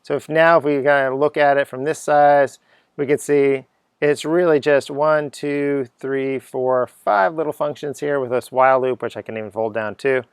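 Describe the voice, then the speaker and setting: Casual middle-aged guy teaching code, smooth but gravelly, hums little sound effects. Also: mid-range voice, fairly even intonation, normal speed, dry recording, clean studio sound. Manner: chatty, thinks aloud, hums and sings sound effects. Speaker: coding teacher. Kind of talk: unscripted screencast coding lesson.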